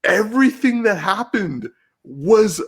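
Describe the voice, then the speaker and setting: Lively, emotional male podcast host. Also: high voice, slow, breathy edge. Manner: excitable, emotional, swears freely, many restarts. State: getting teary-eyed. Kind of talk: casual podcast chat.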